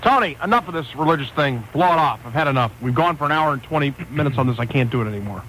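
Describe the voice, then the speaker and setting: A man's voice: medium pitch, animated, very fast, fairly bright tone, slight background noise, poor audio. A man hosting a talk radio show, ranting and rambling in casual banter. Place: radio studio.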